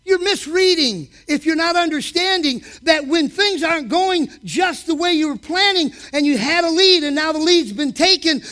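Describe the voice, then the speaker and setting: Male preacher in church, very high voice with big swoops in pitch; shifts from hushed asides to shouting. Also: normal speed, few pauses. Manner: animated preaching that swings from quiet asides to shouted peaks. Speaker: preacher and coach. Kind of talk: sermon.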